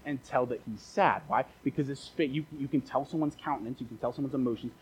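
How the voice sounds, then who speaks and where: A man's voice: medium pitch, quick pace, a little hiss or hum, low-quality recording. A man preaching a casual, conversational sermon as a pastor, repeating phrases for emphasis and dropping joking asides.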